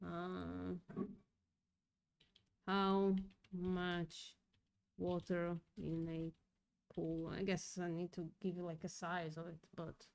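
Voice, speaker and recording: Slow-talking upset woman streamer. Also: on the low side, monotone, creaky, darkish tone, smooth. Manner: upset, swears often, thinks aloud. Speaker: livestream host reading chat. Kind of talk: casual livestream commentary.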